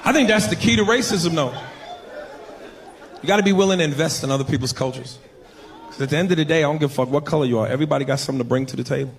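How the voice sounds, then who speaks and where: A man's voice: on the high side, rapid-fire, a faint crowd. A man doing a brash, profane stand-up comedy set in a comedy club. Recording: live club with audience and noise.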